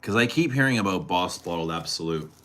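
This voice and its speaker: A man with a very low voice talks casually to his live-stream viewers. He is chatty and teasing and answers them directly. A clear hiss of noise sits under the recording. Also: expressive, a little fast, a bit bright. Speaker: fragrance streamer.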